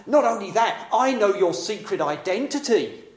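A man's voice: high voice, lively intonation, moderate pace, voice pushed up. A preacher voicing a boastful male unclean spirit that taunts and sneers. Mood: taunting. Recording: echoey room.

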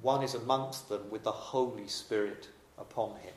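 A man's voice: fairly low pitch, fairly even intonation, normal speed. A man preaching a sermon in a dramatic, emphatic yet conversational way. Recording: echoey room.

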